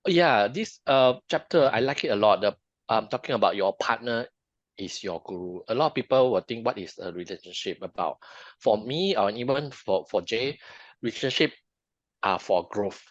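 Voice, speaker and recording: A man's voice: lowish voice, lively intonation, normal speed, no room sound. A man co-hosting a podcast in a casual book discussion, who halts and repeats words often. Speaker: podcast co-host. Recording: dull lo-fi dry sound.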